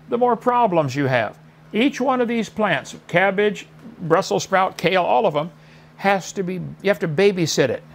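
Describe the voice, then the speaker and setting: A middle-aged man lectures his debate opponent in a mocking tone, circling back to the same points. His voice sits fairly high with a gravelly edge.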